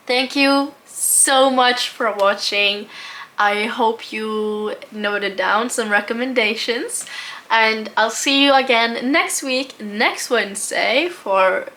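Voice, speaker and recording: High-voiced woman telling a story. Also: extremely slow. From Norway. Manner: animated, exasperated ranting with lots of "like". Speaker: travel vlogger. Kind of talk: casual storytelling to camera.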